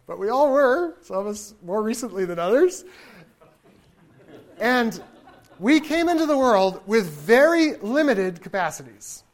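A man with an extremely high-pitched voice lectures to an audience at a measured pace, keeping it loose and conversational as he checks in for agreement. Animated and informal, he chuckles often at his own asides and sometimes mimics baby babble to make a point.

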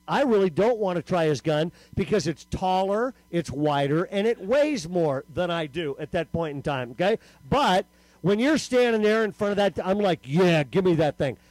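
A man with a high voice tells a comic story to a live crowd of teenagers. He is animated and acts out quotes and noises, tagging his lines with a questioning "okay?". His voice sounds close and dry, with no room echo. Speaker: speaker addressing teenagers at a camp. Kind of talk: comedic storytelling talk to a live audience.

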